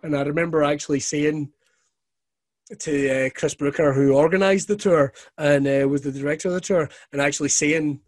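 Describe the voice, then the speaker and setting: A man telling stories as a guest, his voice sitting a little high. He swears freely and throws himself into his anecdotes, laughing along the way. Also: normal speed. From Scotland. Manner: profane, animated anecdotes with laughter. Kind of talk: casual storytelling.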